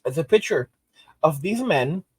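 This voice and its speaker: A man's voice: fairly high pitch, lively intonation, unhurried, breathy edge, no room sound. A man hosting his channel, delivering emphatic ranting commentary and repeating phrases for weight. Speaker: channel host.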